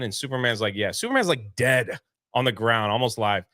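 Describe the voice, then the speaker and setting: Male co-host, bright and animated delivery, recaps story beats and plays out quotes, casual review chat. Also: mid-range voice, normal speed, no room sound, studio quality. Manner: animated plot recapping, acting out characters' lines.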